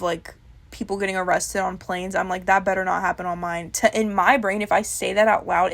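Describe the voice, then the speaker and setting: A woman's voice: mid-range voice, vocal fry. A young woman talking candidly to camera in a casual vlog, swearing freely and laughing at herself. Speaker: vlogger. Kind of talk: casual confessional chat.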